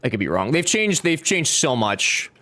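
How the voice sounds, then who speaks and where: A man's voice: medium pitch, very animated, normal speed, bright, forceful tone, slight background noise. A young man chatting casually while streaming a game, joking and reading chat aloud. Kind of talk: casual gameplay livestream chat.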